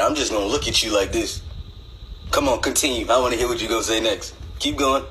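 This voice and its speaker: A young man doing comedic skit monologues, swinging between high exasperated rants and low deadpan asides. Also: fairly quick, slight background noise, rough recording. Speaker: comedy sketch creator.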